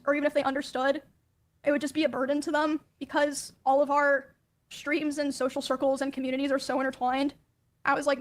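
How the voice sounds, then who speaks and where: High, flat-voiced woman recounting hardships. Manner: soft, hesitant, many ums and likes. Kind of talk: recounting personal experiences in a played clip.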